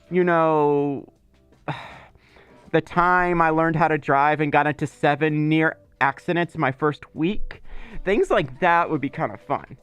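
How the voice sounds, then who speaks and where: A man's voice: a little high, fairly bright tone, dry recording. A man hosting a casual livestream, chatting loosely and reading viewer messages aloud, with many fillers and asides. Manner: rambling and chatty, with filler words. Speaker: livestream host.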